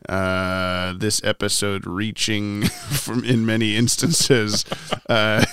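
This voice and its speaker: Giggly man with a gravelly morning voice. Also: on the low side, fairly even intonation, slow pace, fairly bright tone, no echo. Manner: giggly, laughs often. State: tired morning voice. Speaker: podcast co-host. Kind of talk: casual podcast chat.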